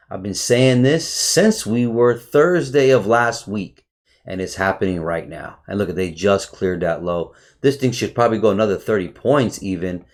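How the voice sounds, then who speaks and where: A man giving a casual, excitable chart review for viewers, swearing often and calling them bro. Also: fairly low pitch. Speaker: trading educator.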